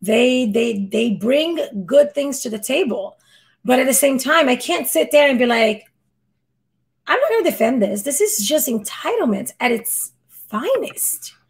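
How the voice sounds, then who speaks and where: Woman, squeaky voice, somewhat high, exasperated, rambling, live reaction stream. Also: expressive, unhurried. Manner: exasperated, rambling, frequent restarts. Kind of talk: casual live reaction commentary.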